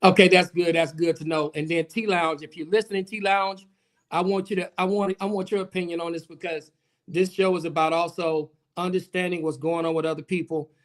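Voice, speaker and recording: A man with a notably high voice hosts a livestream panel discussion. He fires off animated questions, stopping and restarting mid-thought as he hands the floor to his guests. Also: brisk. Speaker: host.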